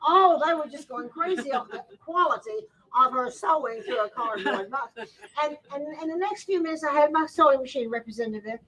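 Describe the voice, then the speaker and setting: Bright high-voiced woman telling stories. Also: expressive, brisk, distant mic, rough recording. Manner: Southern-style folksy talk, laughing through her story. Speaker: sewing teacher and storyteller at a store event. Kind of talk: animated storytelling to a live audience.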